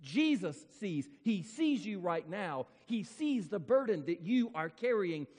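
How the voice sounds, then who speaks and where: High, lively-voiced preacher in a reverberant hall. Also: male voice. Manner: emphatic, repetitive preaching with dramatic slowdowns. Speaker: pastor. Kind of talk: sermon. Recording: long reverb of a large hall.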